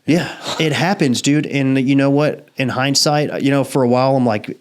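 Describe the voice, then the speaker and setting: A man hosts a casual podcast, spinning a story in rough, profane language with frequent laughs. His voice sits at an ordinary middle pitch. He talks loosely and unscripted. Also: normal speed. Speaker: podcast host. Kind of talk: casual chat.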